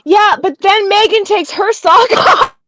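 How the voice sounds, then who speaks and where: A woman's voice: extremely high pitch, a little slow, heavy background noise. A woman in casual chat, telling a funny story and laughing her way through it.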